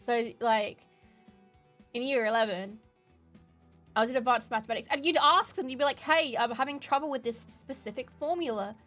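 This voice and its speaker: A young Australian woman streamer chatting casually, animated and emotional, laughing often. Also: on the high side, moderate pace, faint music behind. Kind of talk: casual chat.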